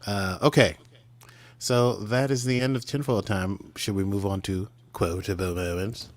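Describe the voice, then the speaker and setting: A man's voice: on the low side, steady tone, a little slow, no echo. A man co-hosting a podcast in casual chat, talking in a playful, rambling way with jokey asides. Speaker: podcast co-host.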